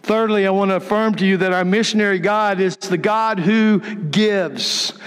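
A pastor preaching a sermon in a church, emphatic and repetitive, sometimes dropping to a soft near-whisper. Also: male voice, sits high, normal speed, smooth. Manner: emphatic, repeats key phrases, drops to a soft near-whisper. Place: church sanctuary. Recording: long reverb of a large church hall.

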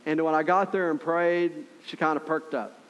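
A man's voice: fairly high pitch, steady tone, normal speed, lo-fi sound. Earnest conversational male pastor. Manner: conversational and earnest, with frequent "right?" asides. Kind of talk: sermon.

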